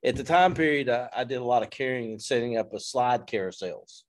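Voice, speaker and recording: A man tells a story with animated, self-deprecating humor. He speaks as a fire service instructor in an interview, and his voice sits in an ordinary middle pitch. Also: fairly quick.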